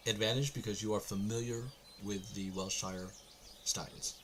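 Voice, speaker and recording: A man narrating a tabletop game as game master over a voice call, relaxed and halting, with many fillers. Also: lowish voice, a little hiss or hum. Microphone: online voice call mic.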